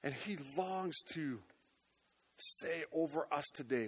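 A man's voice: on the high side, slow, slightly rough. Earnest male pastor preaching. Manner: earnest, dropping to hushed tones then rising loud. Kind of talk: sermon. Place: church.

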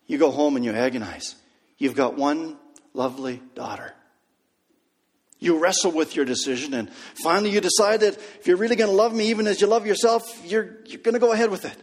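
A man preaching a sermon, telling a story and dropping to a hush on key lines. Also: on the high side. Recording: long hall reverb.

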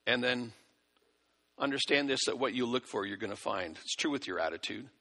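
A man's voice: medium pitch, expressive, a little fast, bright, forceful tone. A male preacher giving a sermon, exhorting and folksy, with acted-out asides, in a church hall. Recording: long hall reverb.

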